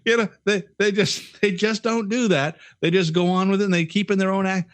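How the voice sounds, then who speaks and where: A man's voice: sits high, fairly even intonation, a little fast, no echo. A man co-hosting a casual podcast chat, talking bluntly with plenty of swearing and stammered restarts. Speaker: podcast co-host.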